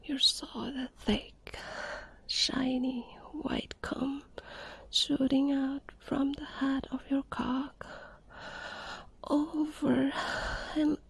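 A woman in whispered role-play, talking in a slow, unvoiced whisper broken by long, hesitant pauses. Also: high-pitched, level tone, gravelly, low-quality recording. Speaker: audio performer.

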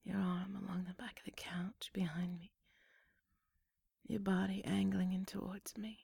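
Breathy, seductive whispered role-play woman. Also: medium pitch, level tone, a little slow, dry recording, clean studio sound.

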